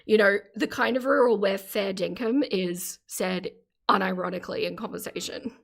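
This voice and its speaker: A woman's voice: medium pitch, moderate pace, vocal fry. A middle-aged Australian woman chatting casually on a live stream, reading out chat comments and laughing often.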